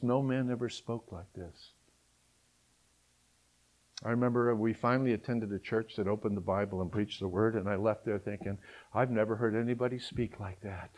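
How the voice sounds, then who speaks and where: A man's voice: medium pitch, a little mellow. A man delivers a sermon in a middling voice. He preaches emphatically and keeps asking the listeners rhetorical questions. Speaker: pastor.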